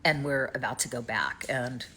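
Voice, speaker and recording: A middle-aged vlogger from East Tennessee, United States, speaks with a Southern American accent in a bass voice that is pushed and bright, at normal speed. In a worried personal vlog from a rented home in Canada, she rambles and trails off to near-whispers, with slight background noise.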